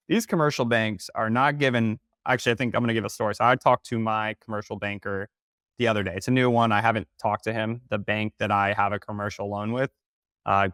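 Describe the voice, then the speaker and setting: A man's voice: fairly low pitch, smooth, no echo, studio quality. Chatty Southern man hosting a podcast. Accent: Southern American. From North Carolina. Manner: animated storyteller who acts out quoted voices; restarts and fillers, conversational. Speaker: podcast host. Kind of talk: casual interview chat.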